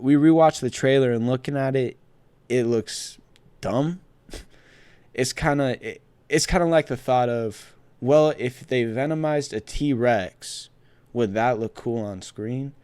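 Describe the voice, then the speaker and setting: A man's voice: medium pitch, a little mellow, no echo. A young adult man hosting a casual movie news commentary, chatty and rambling with many restarts and asides. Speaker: pop culture show host.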